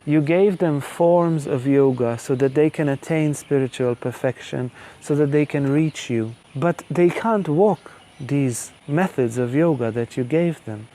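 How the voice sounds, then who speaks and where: A goddess wife pleads and complains to her husband on behalf of humanity, as a man puts her on in a storytelling lecture. The voice sits a little high and stays mellow and warm. Her tone is fussing and imploring. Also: gravelly.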